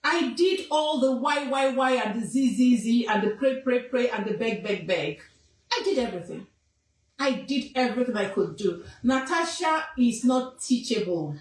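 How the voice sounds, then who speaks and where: A Nigerian-accented woman speaks emphatically, scolding and repeating herself for force. Her voice sits high. The room is echoey and she sounds a little far from the mic. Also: lively intonation, moderate pace. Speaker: activist. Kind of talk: impassioned public statement.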